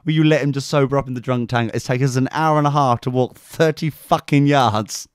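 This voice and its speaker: A man's voice: mid-range voice, fairly quick, dry recording, clean studio sound. A man co-hosting a podcast, telling a rowdy story in casual chat and acting out quotes in camp voices. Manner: animated, sweary, acts out quotes in camp voices. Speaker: podcast co-host.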